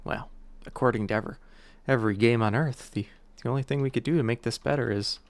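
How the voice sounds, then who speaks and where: A man's voice: medium pitch, fast talker, no room sound. A male streamer chatting casually while playing, in a rambling, playful, self-mocking way. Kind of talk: casual gameplay chat.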